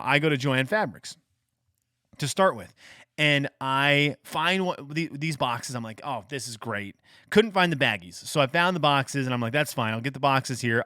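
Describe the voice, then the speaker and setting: A man's voice: medium pitch, fairly bright tone, no room sound, clean studio sound. A man hosting a podcast, telling a casual, rambling, self-mocking story and quoting the people in it. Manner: rambling, self-mocking retelling with quoted dialogue. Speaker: podcast host.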